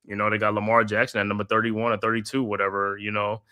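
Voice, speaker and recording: A man hosting a live watch-party stream, calling the game play by play in a steady flow with casual slang asides. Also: on the low side, fast talker, smooth. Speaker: host.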